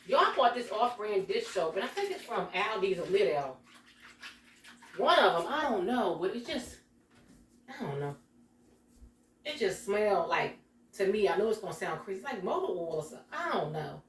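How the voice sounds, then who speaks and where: A woman's voice: mid-range voice, animated, normal speed, echoey room. A woman hosting a casual kitchen vlog, chatting straight to her viewers in a folksy way. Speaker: vlog host. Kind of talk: casual chat to camera. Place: home kitchen.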